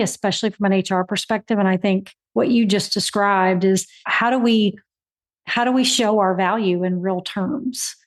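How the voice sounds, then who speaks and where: A woman hosting a podcast interview, responding to her guest in an affirming, reflective way. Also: mid-range voice. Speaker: podcast host. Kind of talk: interview conversation.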